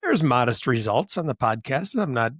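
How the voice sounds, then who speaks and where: Relaxed, plainspoken male podcast host. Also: mid-range voice, normal speed, slightly rough, no echo, studio quality. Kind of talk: conversational interview.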